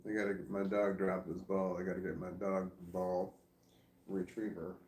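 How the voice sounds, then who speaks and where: A man talks on and on at home, sleepy and meandering, pleased with his own stories. His voice sits a little low. The room gives it a noticeable echo. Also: level tone, normal speed, a little mellow. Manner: meandering, chatty, self-amused. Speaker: vlogger. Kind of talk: casual rambling monologue.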